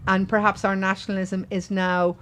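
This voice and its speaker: A woman's voice: medium pitch, level tone, moderate pace, fairly bright tone. Thoughtful Irish woman co-hosting. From Ireland. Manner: thoughtful, explains history in a considered way. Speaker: co-host of a live show. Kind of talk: casual live-stream chat.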